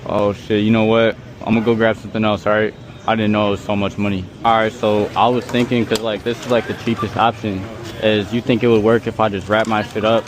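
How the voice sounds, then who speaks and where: A man chatting in a shop in a laid-back, slangy way. His voice sits a little low. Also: little pitch movement, fast talker, noisy background. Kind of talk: casual chat in a store.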